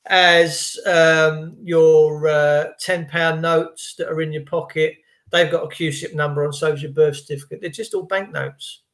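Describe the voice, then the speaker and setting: Brief: a male streamer, jokey and conspiratorial, with a fairly high voice and a roomy echo. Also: fairly bright tone. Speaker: livestream vlogger. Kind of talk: rambling live-stream monologue.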